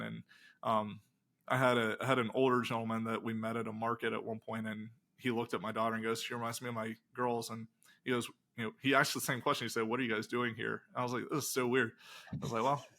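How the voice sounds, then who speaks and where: Gravelly, bright-voiced man telling stories. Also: mid-range voice. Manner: animated retelling with quoted dialogue. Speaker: pastor and game designer, guest. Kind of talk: casual storytelling interview.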